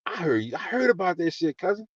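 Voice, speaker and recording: A man hosting a podcast, telling stories in casual, heavily profane, animated chat. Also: high-pitched, brisk. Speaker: podcast host. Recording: muffled with clear background noise.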